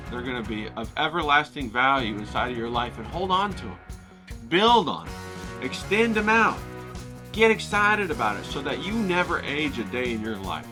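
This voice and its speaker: A man hosting a painting vlog, talking in a rambling, enthusiastic way with lots of fillers and casual swearing. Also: fairly high pitch. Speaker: painting channel host. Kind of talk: casual motivational vlog talk. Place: home in the desert.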